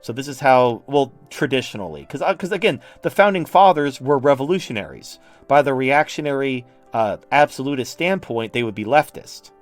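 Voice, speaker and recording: A man's voice: medium pitch, expressive, moderate pace, few pauses, faint music behind. A man from the United States explaining political charts in a casual, blunt and profane way. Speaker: political commentator. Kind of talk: casual explanatory talk over a shared chart.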